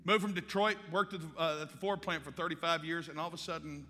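Male pastor, lively storyteller, slightly high voice, live hall reverb. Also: quick pace. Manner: animated storyteller acting out dialogue. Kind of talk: sermon storytelling. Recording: live hall with long reverb and faint music.

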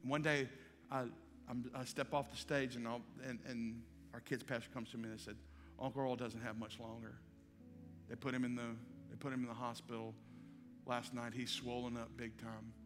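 A man's voice: medium pitch, little pitch movement, normal speed. A male pastor, telling a story in a sermon and acting out the dialogue. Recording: live hall with long reverb and faint music.

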